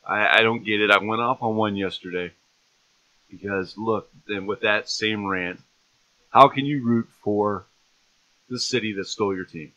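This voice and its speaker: A man's voice: on the low side, moderate pace, sharp tone, rough recording. A man hosting a live sports talk stream, ranting and mocking in an exasperated way. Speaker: sports show host.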